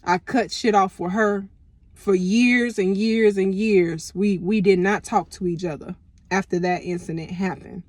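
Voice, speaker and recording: A young woman casually telling a personal story to camera, animated and full of profanity and slang. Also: medium pitch, measured pace, no room sound, clean studio sound. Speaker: storytime vlogger.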